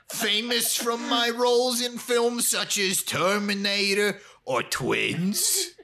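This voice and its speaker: A man putting on a goofy, exaggerated action-star impression, pitched well above his usual voice. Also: very animated, extremely slow, bright, forceful tone, exaggerated voice.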